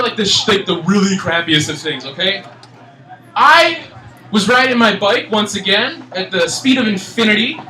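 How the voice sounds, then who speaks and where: A young man from Michigan in his twenties doing a stand-up comedy set, ranting in an exasperated, animated way. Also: high voice. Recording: echoey room, mic at a distance.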